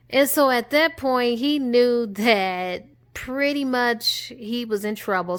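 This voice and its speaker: Woman retelling a movie, kinda high voice, acts out all the lines quick and animated. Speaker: movie reviewer. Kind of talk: casual spoken movie recap.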